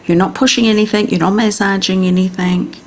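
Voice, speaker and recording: A middle-aged woman with a New Zealand accent, hosting a radio health and wellness talk and gently coaching listeners step by step in a chatty way. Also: mid-range voice, fairly even intonation, a little fast, a little hiss or hum. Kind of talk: casual instructional radio talk.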